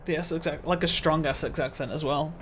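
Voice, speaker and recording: A man's voice: fairly high pitch, fairly even intonation, fairly quick, a bit bright, a little hiss or hum. A man streaming a video game live, chatting casually with his viewers in a laid-back, slightly mumbly way and chuckling often.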